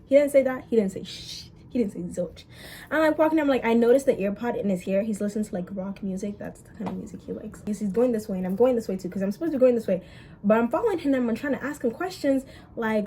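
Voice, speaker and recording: A young woman vlogger telling a story in casual chat, animated and swearing, with quick bursts and drawn-out words. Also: a little high, a little hiss or hum.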